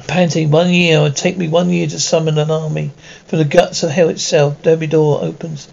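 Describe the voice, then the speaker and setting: An actor voicing a vengeful, grieving vampire lord who gives slow, commanding threats in an animated series, heard in muffled, lo-fi film audio. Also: male voice, fairly high pitch, vocal fry, slight background noise.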